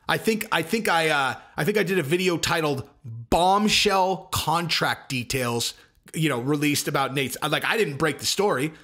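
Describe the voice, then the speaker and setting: A man hosting his own channel, giving fast, emphatic commentary that repeats its points and keeps checking in with "okay?". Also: on the high side, pushed and bright. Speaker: channel host.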